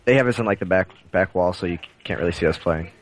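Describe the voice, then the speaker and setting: A man's voice: low-pitched, quick pace, slight background noise. A man guest at a LAN center, answering in terse, matter-of-fact casual chat. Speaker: guest player.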